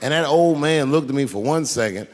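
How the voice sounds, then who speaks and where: Animated and slightly fast, a man with a medium, somewhat mellow voice performs stand-up in a large theater full of people. His long, profane story unfolds conversationally and builds to punchlines, captured with long live-stage hall reverb.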